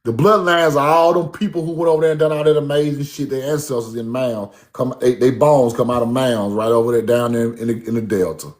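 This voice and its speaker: A man telling stories about his grandmother in a casual monologue. He is animated and profane, and he repeats himself for emphasis. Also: medium pitch, fairly quick, hardly any pauses. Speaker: speaker recounting his grandmother's teachings.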